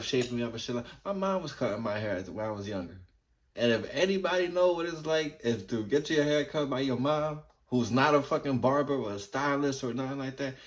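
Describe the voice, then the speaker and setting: A man in his thirties from New Jersey telling childhood stories in a laid-back, rambling way, swearing freely. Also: mid-range voice. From New Jersey, USA. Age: 30s. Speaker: vlogger. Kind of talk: casual storytelling.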